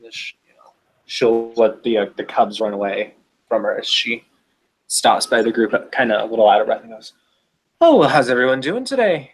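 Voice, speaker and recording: A man's voice: lowish voice, level tone, moderate pace, breathy edge. A man narrating his character's actions in a casual tabletop role-play, rambling with many fillers and restarts. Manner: rambling, filler-heavy, self-interrupting. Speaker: player.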